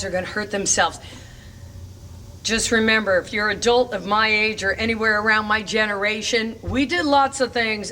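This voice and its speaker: A woman's voice: mid-range voice, sharp tone, recorded from a distance, slight background noise. A middle-aged woman coaching parents on teaching kids to roller skate, upbeat and emphatic, breaking into chanted cheers. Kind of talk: instructional talk to parents. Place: roller rink.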